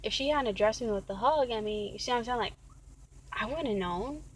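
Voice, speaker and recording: High-voiced woman ranting on a vlog. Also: fairly quick, a little hiss or hum, rough recording. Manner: rambling, exasperated, repeats herself. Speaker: vlogger. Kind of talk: casual vlog rant.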